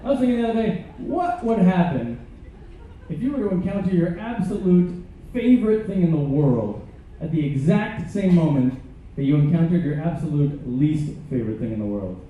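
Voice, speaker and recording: A man's voice: fairly high pitch, expressive, normal speed, a little hiss or hum. A man performing stand-up comedy on stage, telling absurd jokes with hesitant fillers, caught by a camera far from the stage. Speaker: comedian and musician. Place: large ship theater. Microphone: stage mic heard from a distant camera. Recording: echoey, distant, tinny audience recording.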